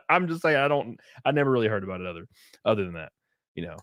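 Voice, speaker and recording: Laughing Southern streamer, dry mic. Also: male voice, fairly low pitch, very animated, quick pace, a bit bright, no echo. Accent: Southern US (Alabama). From rural Alabama. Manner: rambling, laughs often, swears freely. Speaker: livestreamer and race car driver. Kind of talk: casual livestream chat reading viewer comments.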